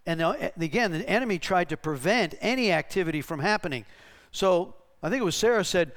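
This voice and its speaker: Higher-voiced pastor telling stories in a sermon. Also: male voice, animated, fairly quick, hardly any pauses, a bit bright. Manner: conversational, tags lines with "right?", acts out the voices in his stories. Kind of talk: sermon teaching with anecdotes. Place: church.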